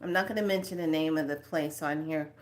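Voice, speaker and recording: A woman talking in a casual, rambling spiritual monologue as host of her own channel, with soft asides now and then. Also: low-pitched, steady tone, fairly quick.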